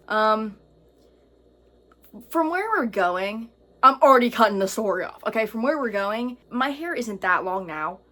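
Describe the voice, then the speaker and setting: A woman reading an online story aloud in casual commentary, chatty and expressive, breaking in with her own asides. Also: medium pitch. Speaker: content creator reading and reacting to online stories.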